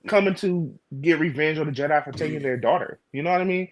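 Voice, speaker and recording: Relaxed man chatting casually. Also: fairly high pitch, quick pace. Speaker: podcast co-host. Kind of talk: casual chat.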